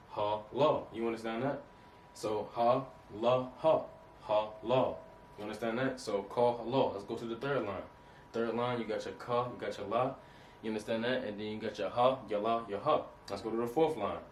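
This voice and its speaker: A man giving an informal lesson over slides, casual and repetitive, often checking that the listener understands. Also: fairly low pitch. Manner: repetitive, keeps asking "you understand that?"; casual, street-style phrasing. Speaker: Hebrew teacher. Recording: roomy, distant mic, faint noise.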